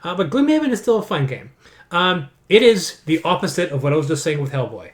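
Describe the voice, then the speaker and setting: A man's voice: fairly high pitch, sing-song, brisk. A man co-hosting a casual chat, rambling with frequent restarts and repeated words. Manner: sarcastic aside. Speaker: board game podcast co-host.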